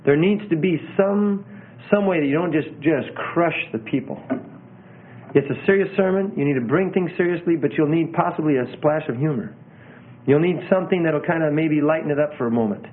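An earnest man coaching preachers on delivery, his fairly high voice stressing words and pausing for effect. The sound is thin and tinny, like it's coming over a phone line. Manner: earnest, demonstrates emphasis and pauses with his own voice. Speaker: preaching instructor. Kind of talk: teaching talk on preaching.

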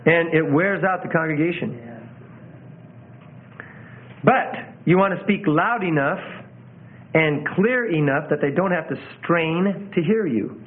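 A man teaching preachers how to deliver a sermon, in a loose conversational way, often doubling back on his words. His voice sits a bit high for a man. The sound is thin and narrow, like it is coming through a phone. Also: unhurried, pauses often. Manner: conversational, repeats phrases, self-corrects. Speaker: preaching instructor. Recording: tinny phone-like audio.

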